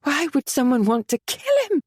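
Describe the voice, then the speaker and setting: A woman's voice: high-pitched, sing-song, moderate pace, dry recording, studio quality, pitched above the performer's own voice. A woman voicing a strong-willed young noblewoman who speaks urgently and emphatically.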